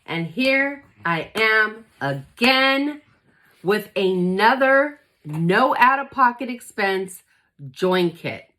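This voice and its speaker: Middle-aged woman, chatty and upbeat sales pitch, lively swooping pitch, for a direct-to-camera vlog. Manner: chatty, upbeat, keeps asking "okay?". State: out of breath.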